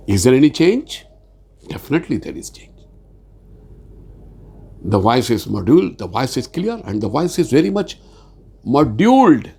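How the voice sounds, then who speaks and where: A man lecturing on sales communication in a halting, earnest way, repeating words and pausing often with fillers. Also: mid-range voice, lively intonation, gravelly, a little mellow, slightly rough. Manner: speaks slowly with many fillers. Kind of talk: informal spoken lecture.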